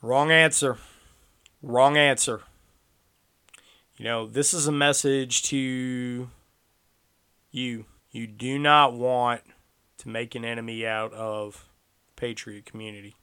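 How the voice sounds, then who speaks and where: A man's voice: medium pitch, steady tone, a little slow, sharp tone, clear, resonant tone. A man delivering a combative, sarcastic political commentary monologue, speaking straight at his listeners. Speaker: tracking instructor.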